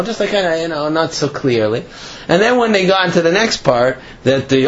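A man's voice: a little high, sing-song, a little fast, a bit bright. A man teaching an informal Torah class, talking in a chatty storytelling way with fillers. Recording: dull lo-fi recording with faint noise.

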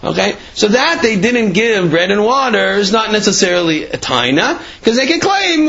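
Male Torah teacher, somewhat high voice, casual storytelling talk, dull lo-fi recording. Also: sing-song, moderate pace, creaky, hardly any pauses, bright, forceful tone, breathy edge. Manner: storytelling, many fillers, rhetorical questions. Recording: dull lo-fi sound.

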